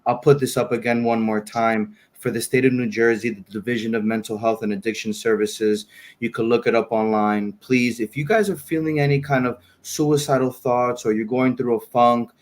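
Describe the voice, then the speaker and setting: A man's voice: mid-range voice, little pitch movement, moderate pace. A man hosting a panel talk, thanking his guest and pointing viewers to support in a supportive, conversational way. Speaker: host.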